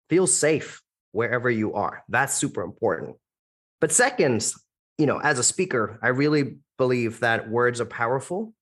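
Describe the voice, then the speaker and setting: Um homem criado em muitos países, com sotaque americano, falando como convidado de podcast de forma enérgica e enfática, com perguntas retóricas. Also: male voice, medium pitch. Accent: American-sounding. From India, raised internationally. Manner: energetic, emphatic, rhetorical questions. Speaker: guest, public speaking coach. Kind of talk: podcast interview.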